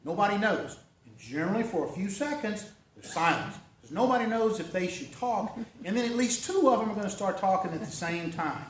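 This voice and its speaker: A man's voice: sits high, animated, brisk, few pauses, slight background noise. A man giving a folksy, conversational talk at a club meeting, often checking in with "okay?" and "right?". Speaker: club presenter. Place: meeting room. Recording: echoey room recorded from far off.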